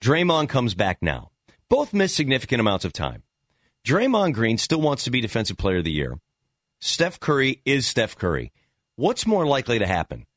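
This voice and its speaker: A man's voice: medium pitch, huge pitch swings, moderate pace, no echo. A man co-hosting sports talk radio in a studio, needling the others with pointed questions.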